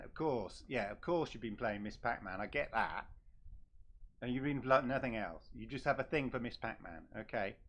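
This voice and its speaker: A man hosting a casual live stream, talking in a teasing, halting way with frequent fillers and repeats. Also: mid-range voice, a bit bright. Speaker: host.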